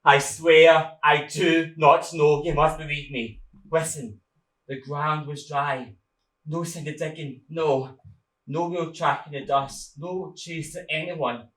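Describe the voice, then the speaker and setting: A man's voice: on the high side, steady tone, slow, a bit bright. An actor playing a nervous male guard who brings bad news, hesitant and stammering with many ums and restarts. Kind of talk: stage play acting. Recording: echoey room.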